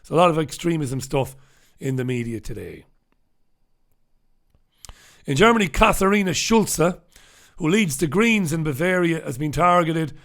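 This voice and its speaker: A fairly high, slightly bright voice, animated and at normal speed, with frequent pauses. It belongs to an Irish man hosting a newspaper review show alone, reading viewers' live comments with blunt, sarcastic, profane asides.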